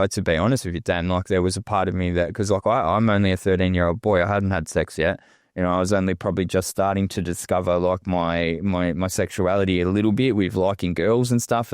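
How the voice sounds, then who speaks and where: An Australian man telling a painful personal story as a podcast guest, halting and swearing often. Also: low voice, smooth, dry recording, studio quality. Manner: raw, halting, heavy swearing. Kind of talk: emotional personal testimony.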